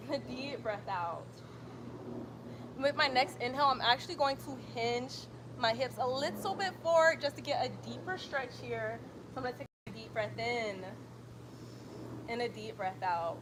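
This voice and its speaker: A woman guiding a yoga stretch routine with steady breathing cues and casual asides. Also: a little high, moderate pace, noisy background. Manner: calm breath cues, chatty when reading comments. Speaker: yoga instructor. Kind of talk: guided yoga instruction.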